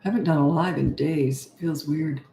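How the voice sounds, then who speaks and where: A woman's voice: low voice, moderate pace, vocal fry, warm tone, echoey room, slight background noise. A middle-aged woman, a parenting coach, chatting and rambling casually on a live-stream Q&A, self-deprecating.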